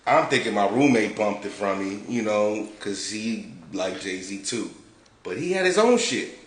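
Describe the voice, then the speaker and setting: A man from Detroit, a podcast host, telling an animated, profane story in a laid-back way. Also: lowish voice, a little slow. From Detroit, United States. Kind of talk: casual storytelling. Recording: roomy with faint background noise.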